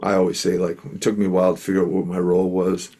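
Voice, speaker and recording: A man's voice: low voice, completely flat delivery, racing, warm tone, breathy edge. A middle-aged man from Canada, a musician and speaker, telling stories as an interview guest in an earnest, rambling way with lots of fillers. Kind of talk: storytelling in an interview.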